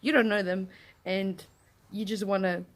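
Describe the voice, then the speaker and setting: A woman's voice: mid-range voice, unhurried. A young woman telling a story to camera in a casual rant, swearing, laughing and acting out what people said. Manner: animated, swears, breaks into laughter, acts out quotes in shouts. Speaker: vlogger. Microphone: camera in front of her.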